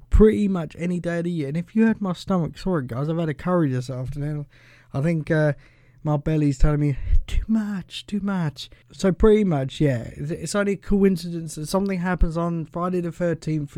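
A man's voice: fairly high pitch, dark tone, dry recording, clean studio sound. A man hosting a casual solo podcast. He rambles in a chatty way, keeps saying "pretty much", and chuckles as he goes. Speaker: podcast host.

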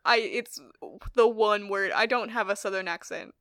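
A woman's voice: medium pitch, moderate pace, a bit bright, no echo, clean studio sound. A young woman chatting casually, laughing often and filling her talk with likes and ums. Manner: giggly, chatty, many fillers. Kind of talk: casual chat.

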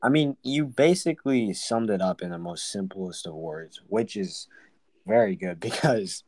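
A man's voice: lowish voice, animated, a little slow, a little mellow, no room sound. A man co-hosting a casual faith podcast, rambling and full of "like" and "um". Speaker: podcast co-host.

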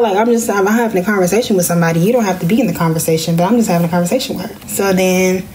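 A young woman, telling a personal story in a casual podcast vlog and jumping into high voices when she quotes people. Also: very fast, few pauses, darkish tone, slight background noise. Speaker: podcast host.

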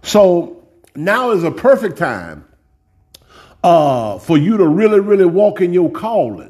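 A man's voice: high-pitched, big pitch swings, measured pace, a little mellow, slightly rough. A man preaching a sermon in a folksy, direct way, often repeating words as he builds up a point.

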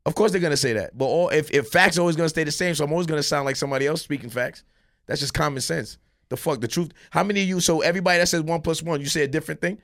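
Brief: male podcast guest, raised in Miami; rapid, insistent, profane delivery, slightly high voice. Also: fairly bright tone, dry recording, studio quality. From Miami, Florida. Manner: emphatic, argumentative, profane. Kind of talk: heated podcast debate.

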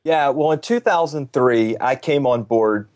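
A man's voice: medium pitch, measured pace, a little mellow, highs cut off. A man, an executive pastor, telling his story candidly and earnestly in an interview. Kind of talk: interview conversation. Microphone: video call.

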